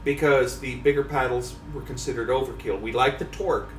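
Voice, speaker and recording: A man chatting casually as a fishing magazine editor at a trade show, talking in a relaxed storytelling way with hesitant pauses. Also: medium pitch, slight background noise. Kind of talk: casual chat. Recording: echoey, distant mic.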